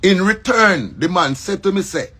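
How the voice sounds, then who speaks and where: A man's voice: high-pitched, sing-song, normal speed, pushed and bright, husky. A man with a Jamaican accent, a comedian speaking in an emphatic monologue and repeating his points. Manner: repetitive, emphatic, preachy. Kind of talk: casual monologue.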